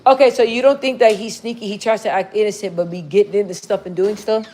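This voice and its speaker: A young woman chatting casually on a livestream, slangy and relaxed as she talks to her viewers and her dog. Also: medium pitch, quick pace. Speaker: livestream host.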